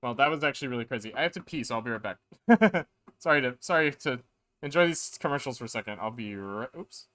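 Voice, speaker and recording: Dude streaming a game, flat monotone reads, mid pitch, game music going loud behind. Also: male voice, fast. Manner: flat, monotone reading of lines and chat. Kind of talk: casual live game stream.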